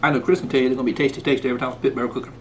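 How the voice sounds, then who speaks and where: This man races through his words in a mid-range voice with little pitch movement, hosting a folksy, casual cooking vlog and occasionally talking with his mouth full. He's first in the rain outside, then indoors, with slight background noise.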